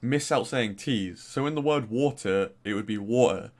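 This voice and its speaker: A man's voice: medium pitch, normal speed. A young man with a faint Norfolk accent rambles through a casual gaming commentary. He speaks in a mid-range voice, full of fillers and little exclamations, chatty and unscripted. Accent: mild Norfolk English. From Norfolk, England. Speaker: gaming YouTuber. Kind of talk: casual commentary reviewing posts.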